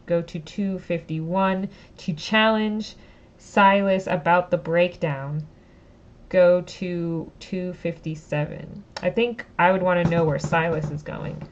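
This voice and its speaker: A woman's voice: on the low side, a little slow, highs cut off. Woman reading a gamebook on stream. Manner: casual, self-deprecating, muses over choices. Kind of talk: reading aloud with casual asides.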